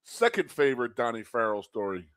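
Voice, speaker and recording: A man co-hosting a casual chat show, telling old locker-room stories with lively, acted-out quotes. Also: fairly quick. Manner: animated storyteller, acts out quotes in a high loud voice. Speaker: co-host and former college athlete.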